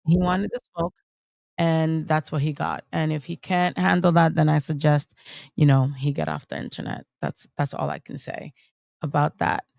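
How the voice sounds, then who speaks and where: A woman livestreamer talks bluntly and dismissively, full of fillers and restarts. Her voice is gravelly and creaky. The sound is dry and close, with no room echo. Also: deep voice, steady tone, moderate pace, darkish tone. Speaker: streamer. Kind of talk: casual livestream commentary. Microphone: streaming mic on camera.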